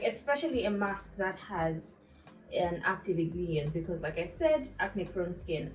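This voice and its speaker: A young woman from Zambia telling a story in a casual, animated way while going through her skincare routine, with lots of asides to her viewers. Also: fairly low pitch, roomy sound, low-quality recording. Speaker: beauty vlogger.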